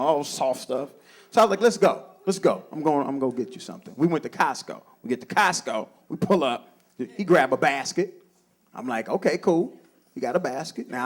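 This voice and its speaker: A man doing a stand-up comedy set on a club stage, talking to the crowd and acting out the people in his stories. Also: high-pitched. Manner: animated, talks to the crowd, acts out voices.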